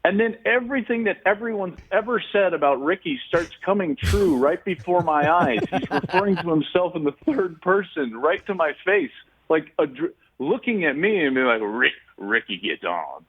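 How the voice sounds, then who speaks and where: A man, a guest sports analyst, telling a story in an animated way and laughing as he goes. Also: high voice, normal speed, breathy edge, dull audio. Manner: laughs through his story.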